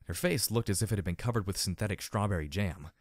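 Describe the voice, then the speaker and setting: A hoarse man narrating a fan audiobook in an expressive, dramatic reading. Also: fairly low pitch, fast talker, dry recording, clean studio sound. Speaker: audiobook reader.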